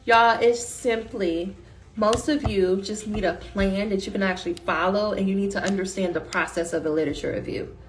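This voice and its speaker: A woman dissertation coach giving a casual motivational pitch, colloquial and emphatic, talking straight to her listeners. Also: steady tone, moderate pace, faint music behind.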